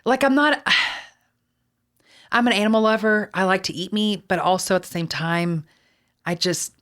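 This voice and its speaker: A woman's voice: mid-range voice, unhurried, a bit bright. A woman from Texas with a Texan accent, talking casually as a podcast host, chatty and full of fillers with casual swearing. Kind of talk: casual chat.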